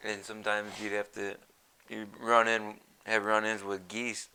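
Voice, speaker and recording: A man's voice: on the low side, monotone, unhurried, pushed and bright, slight background noise. A man hosting a casual podcast, rambling through stories and giggling often. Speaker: podcast host. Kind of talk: casual stoner chat.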